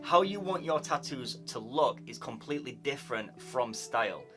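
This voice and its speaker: A man's voice: mid-range voice, animated, normal speed, over music. A man who is a tattoo artist, talking casually to camera and giving tips, with a chatty way of repeating words as he thinks aloud. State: yawning, tired. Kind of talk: casual YouTube advice talk.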